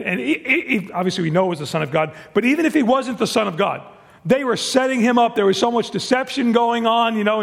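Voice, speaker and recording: A man's voice: high-pitched, gravelly, a bit bright, in a large hall. A man preaching a sermon and reading scripture aloud, earnest, often repeating words as he builds a point. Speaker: pastor.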